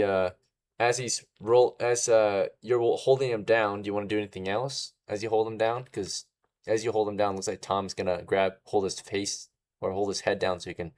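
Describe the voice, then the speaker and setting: A man's voice: fairly low pitch, a little mellow. A man narrating as game master in a casual way, often checking in with "right?". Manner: casual, tags lines with "right?".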